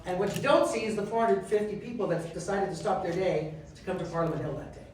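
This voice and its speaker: A man's voice: high voice, fast. Man telling stories in an echoey hall. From Canada. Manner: animated, acts out quoted dialogue. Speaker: guest speaker, member of parliament. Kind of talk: storytelling talk. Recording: echoey and distant, faint noise.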